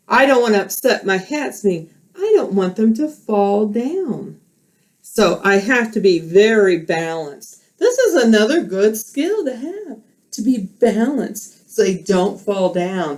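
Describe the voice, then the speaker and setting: A woman teacher telling a children's story at home and explaining it while she acts it out, recorded on a camera. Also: on the high side. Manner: slow, animated, teacherly explaining. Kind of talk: storytelling role play for children.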